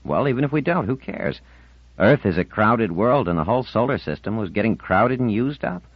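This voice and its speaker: A cheerful seventeen-year-old boy teases in a breezy, lively voice, played by a male narrator pitching up. The recording is dry and close, with a dull lo-fi audiobook sound. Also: a little fast, slightly rough, no room sound. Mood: teasing. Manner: teasing, breezy.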